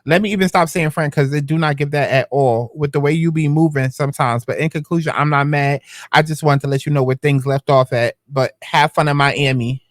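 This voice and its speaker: A man's voice: on the high side, fairly quick, dry recording, clean studio sound. A man hosting a commentary channel, reading out text messages and reacting with sassy, slangy, sarcastic asides.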